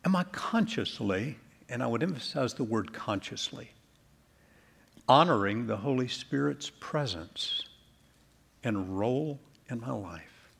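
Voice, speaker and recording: A male pastor delivering an earnest sermon in a church, closing in soft prayer. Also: mid-range voice, animated, unhurried, gravelly, breathy edge.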